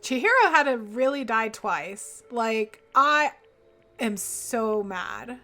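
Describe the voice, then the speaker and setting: A young woman game streamer venting in casual, swear-filled bursts, her voice bright and a touch high. She talks slowly and emphatically, with faint music under her stream. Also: expressive. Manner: vented, expletive-heavy, emphatic. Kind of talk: casual live-stream chat.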